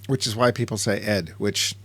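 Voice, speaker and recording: A man's voice: fairly low pitch, normal speed, fairly bright tone, breathy edge, no room sound. A man co-hosting a casual movie review podcast, chatty and joking. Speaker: podcast co-host.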